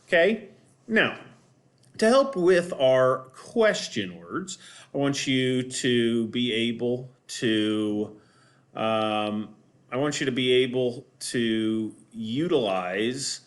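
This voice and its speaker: A man teaching Spanish question words to his students in a recorded lesson from home, patient and repetitive, checking in with frequent okays. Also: mid-range voice. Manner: slow, patient, repeats words with many okays. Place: home, cats in the background.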